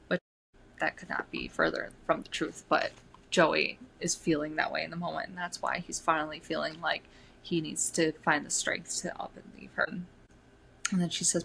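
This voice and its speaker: Female podcast co-host, low and bright, casual book recap with quoted passages. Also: fairly even intonation, moderate pace, creaky. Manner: recaps plot with fillers, reads passages aloud.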